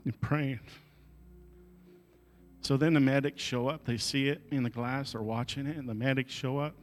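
A man's voice: mid-range voice, steady tone, moderate pace, soft background music. A male pastor delivering a sermon at a church service, telling an emotional story and moving into fervent prayer.

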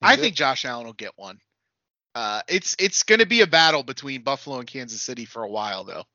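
A man's voice: mid-range voice, sing-song, brisk, bright, forceful tone, dry recording. A man co-hosting a podcast, chatting casually about sports in an easygoing way. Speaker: podcast co-host. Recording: dull lo-fi podcast audio, dry.

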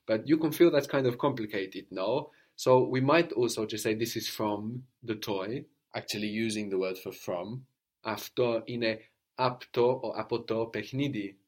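A man's voice: mid-range voice, darkish tone. A man teaching a language lesson, patiently prompting a student and repeating model phrases.

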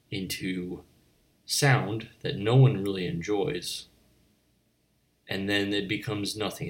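Low-voiced man in a rambling mock-philosophical monologue. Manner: meandering, stammering restarts, mock-philosophical. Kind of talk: rambling absurdist comic monologue. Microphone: on camera, speaking to viewers.

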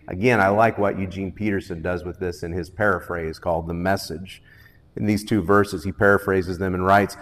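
A man preaching a sermon in an earnest, questioning way, moving from loud pleading to hushed, reflective lines. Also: fairly low pitch, steady tone, normal speed, big-room sound. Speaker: pastor.

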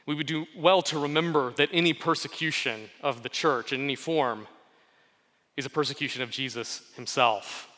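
A man preaching in a clear, bright voice, earnest and steady, pausing to let each point land. He reads scripture aloud and then explains it. His voice rings with a long reverb, as in a large hall. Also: mid-range voice. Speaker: pastor. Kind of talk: sermon with scripture reading.

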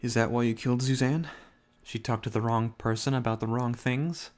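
A man plays a hard-boiled noir detective who presses a suspect with dry, pointed questions. His delivery is level and unhurried, with small restarts as he circles in on his point. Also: mid-range voice, steady tone, a little mellow, lightly acted. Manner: dry, probing, stumbles into restarts. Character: probing hard-boiled male detective narrating in first person.

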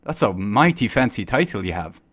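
A man voicing a loud, eager male druid adventurer raised in the forest, speaking up over a noisy tavern. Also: fairly low pitch, very animated, a little fast, dry recording, studio quality. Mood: boisterous.

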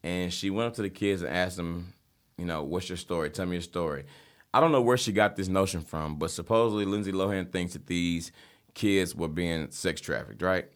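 A man's voice: low voice, normal speed. A man hosting a casual podcast chat, telling stories in a loose way and laughing easily. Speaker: host.

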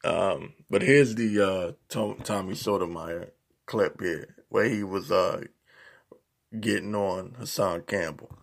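Gravelly-voiced man ranting casually. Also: low-pitched, takes it slowly. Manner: profane, animated ranting with slang. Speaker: YouTube commentator.

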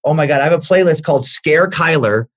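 A man in his forties, a comedian guest, telling an animated comic story, excitable and swearing freely. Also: on the high side, quick pace, slightly rough.

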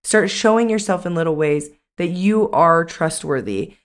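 A woman's voice: on the low side, lively intonation, moderate pace. A young adult woman co-hosting a casual podcast chat as a coach, talking in a chatty way with many "like" fillers.

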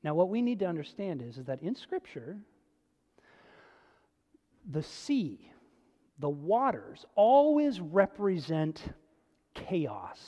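A preacher talks through a sermon as if chatting with the congregation, leaning hard on some words and then dropping to a near hush. The voice sits in a middle register, and a long reverb trails every phrase as it fills a large church hall. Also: medium pitch, big pitch swings, takes it slowly, long pauses, lo-fi sound. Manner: conversational preaching, swinging between emphatic and hushed. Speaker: pastor.

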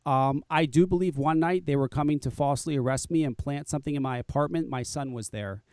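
Man, casual storytelling, blunt and profane, acts out quoted people, stammered restarts, smooth resonant voice, dry close sound. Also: on the high side, brisk, darkish tone, no room sound. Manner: frequent restarts and stammered repeats. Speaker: podcast guest telling his story.

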